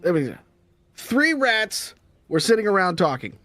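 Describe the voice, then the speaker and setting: A man's voice: high-pitched, big pitch swings, moderate pace, bright, forceful tone, no echo, full character voice. A man voicing a brash showman telling stand-up jokes in a tavern, with a hammy punchline delivery. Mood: hamming it up.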